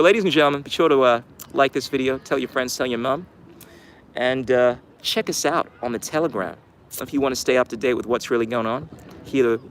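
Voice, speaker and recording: A man with an ordinary, mid-pitched voice, chatting through a loose, sarcastic commentary stream. He rambles and jokes, with faint outdoor traffic noise running behind him. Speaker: channel host. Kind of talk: casual commentary livestream.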